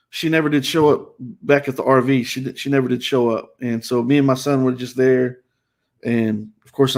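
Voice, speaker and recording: A man hosting a live show, telling a painful personal story emotionally, with many restarts and repetitions. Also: mid-range voice. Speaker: host.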